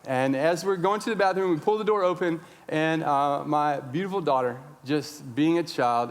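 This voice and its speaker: A man in his thirties, a pastor telling a story in a sermon, acting out his own shouting. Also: on the high side. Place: large church sanctuary. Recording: long church reverb.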